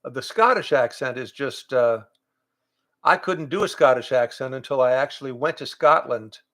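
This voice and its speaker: This is an older man, a voice actor, chatting with fans on a livestream from his home. He reads their questions aloud and answers in a loose, rambling way. His voice is gravelly and sits at a middle pitch. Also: a bit bright. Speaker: voice actor and improv teacher. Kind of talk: casual livestream chat with fans. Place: home, in front of pictures on the wall. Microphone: livestream webcam setup.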